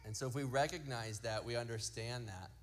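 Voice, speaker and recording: A man's voice: medium pitch, fairly even intonation. A man in his thirties preaching a sermon, telling family stories and acting out what kids say. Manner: storytelling, acts out quotes from kids; slow emphatic lists. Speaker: pastor.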